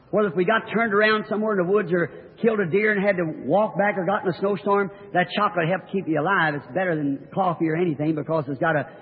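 A man preaching, telling a story in a sermon with folksy rural grammar and earnest emphasis. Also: high voice. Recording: old tinny recording of a reverberant hall.

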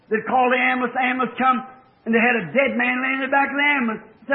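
A middle-aged man preaching a fervent revival sermon, shifting between hushed tones and shouting, heard on an old tape recording. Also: very high voice, flat delivery, very fast, narrow, tinny audio. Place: church.

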